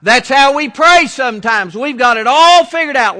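A man preaching a sermon as pastor, slow and deliberate, repeating his phrases. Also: extremely high pitch, lively intonation, bright, forceful tone, in a large hall.

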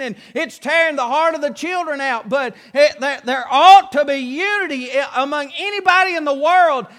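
A man's voice: extremely high pitch, a bit bright. A man preaching a sermon, telling a story in a folksy way and acting out its scenes.

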